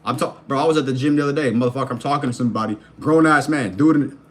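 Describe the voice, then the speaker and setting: Rapid-fire and medium-pitched, this man in his thirties, a vlogger and life coach, rants at the viewer with slang and profanity. He keeps throwing pointed motivational questions right at them.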